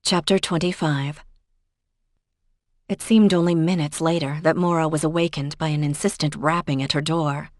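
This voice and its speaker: A woman reads a mystery novel aloud in an even, steady way. Her voice sits low, and the recording is dry and close. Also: moderate pace, no echo. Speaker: audiobook narrator. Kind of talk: scripted narration.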